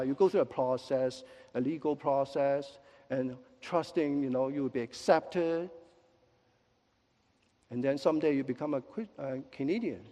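A male pastor delivering a lively sermon with joking asides and quick apologies, in a church sanctuary. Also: a little high. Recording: long echo of a large hall.

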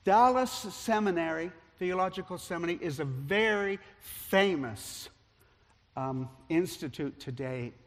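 Pastor guy preaching, bit higher voice, tells stories with lots of ups and downs in loudness, big echoey church. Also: unhurried. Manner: animated storyteller, loudness rising and falling with the story. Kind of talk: sermon storytelling. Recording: long reverb of a large hall.

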